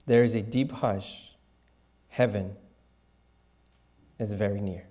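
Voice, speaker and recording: A man preaching with a slow, unhurried delivery. His voice is dark and mellow, and his tone is reverent, sinking into quiet, hushed asides. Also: fairly low pitch, fairly even intonation. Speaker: pastor. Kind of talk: sermon.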